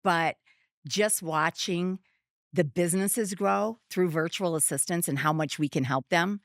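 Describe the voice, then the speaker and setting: A woman's voice: lowish voice, unhurried, dry recording, studio quality. A middle-aged woman, a business founder talking casually as a guest, rambling with lots of fillers and restarts. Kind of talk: casual interview conversation.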